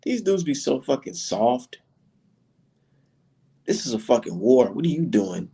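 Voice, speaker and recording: A man's voice: medium pitch, big pitch swings, measured pace, warm tone, slightly rough. A man hosting a casual boxing livestream, ranting with heavy profanity.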